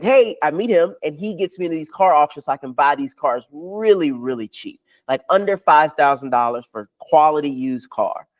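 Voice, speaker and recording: A man, a podcast guest, telling a long story with excitement and acting out other people's lines as he goes. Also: fairly high pitch, lo-fi sound. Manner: swears freely. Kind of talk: animated storytelling.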